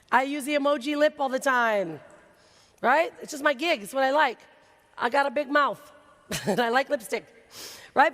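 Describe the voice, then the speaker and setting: A woman giving an energetic keynote talk on a conference stage, excitable and quick with asides. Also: sits high. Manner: excitable, laughs often, rapid asides. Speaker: keynote speaker. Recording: reverberant hall recording.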